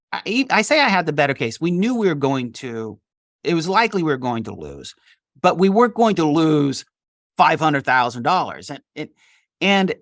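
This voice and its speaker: A middle-aged man, a litigation attorney, talks as an interview guest. His pitch swings widely as he tells a story from his career and acts out the dialogue. The sound is dry and close. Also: dry recording. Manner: animated, acts out quoted dialogue.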